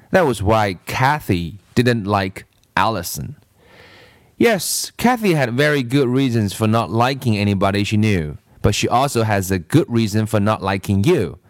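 Man, storybook reader, slow, animated pitch, dry room. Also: dry recording. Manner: slow, lively storytelling with playful asides to the listener. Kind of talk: children's story read-aloud.

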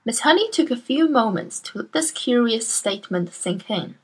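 A woman reading a children's novel aloud in a slow, careful storytelling manner. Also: a little high, expressive, husky. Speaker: storybook reader.

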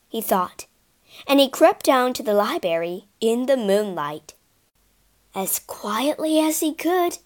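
A woman narrating a children's storybook in an expressive, sing-song read-aloud manner. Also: high voice.

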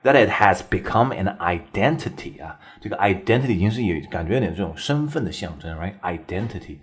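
A man's voice: sits low, animated, a little fast, slightly rough. A man teaching English in a casual, chatty way, constantly checking in with the listener. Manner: chatty, keeps tagging "right?" and laughing. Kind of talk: casual explanatory lesson.

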